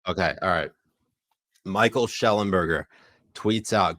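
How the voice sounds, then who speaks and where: A man's voice: fairly low pitch, expressive, moderate pace, long pauses, fairly bright tone, dry recording. A man co-hosting a podcast in casual, crude banter, laughing often. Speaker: podcast co-host.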